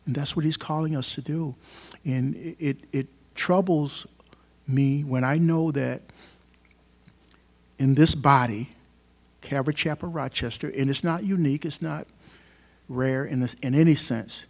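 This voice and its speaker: A man's voice: fairly high pitch, steady tone, unhurried, pauses often. Man preaching an emphatic sermon. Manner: emphatic preaching, swings from loud to soft. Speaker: pastor. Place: church hall.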